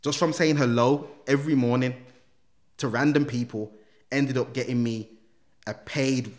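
Guy telling his story, lively, does all the voices, slangy, roomy echo. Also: medium pitch, moderate pace. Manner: animated storyteller who acts out quoted dialogue, street slang. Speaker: guest, former gang member turned motivational speaker. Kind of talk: casual storytelling interview.

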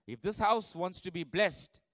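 A male pastor preaches with a bright, ringing voice that sits a little high. He tells the story with drama, swinging from loud bursts to low, hushed lines. The sound is close and dry. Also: a little slow, no room sound. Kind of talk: sermon.

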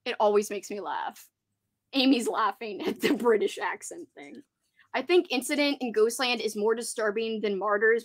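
A woman's voice: a little high, fairly bright tone. A young woman hosting a casual live-stream book club chat, chatty and giggly as she reads out viewer comments. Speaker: host of a horror book channel.

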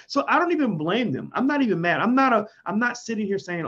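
Husky, emphatic man on a lo-fi recording. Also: sing-song, quick pace, hardly any pauses. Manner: emphatic, swings into sudden loud highs. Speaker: commentator. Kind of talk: impassioned monologue. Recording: dull lo-fi sound.

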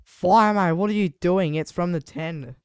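A young man commentating a live game, switching between muttered asides and sudden excited shouts. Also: high-pitched, normal speed, clear, resonant tone, dry recording, studio quality. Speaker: sports commentator.

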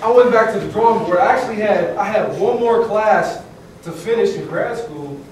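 An animated man in his thirties tells a story with a fairly high voice. He is heard from across a big echoing room with faint background noise, a lively, laughing storyteller on a panel. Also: normal speed. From California. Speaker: panelist, former student athlete. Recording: echoey hall from far off.

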